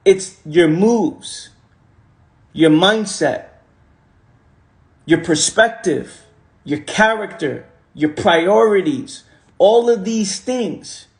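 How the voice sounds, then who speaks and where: A man with a fairly high voice speaks into his phone on a livestream and gives a motivational talk. He hammers each point by repeating it, with a preachy, casual delivery full of street slang. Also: expressive, drawn-out words, long pauses. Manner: repetitive, emphatic, preachy.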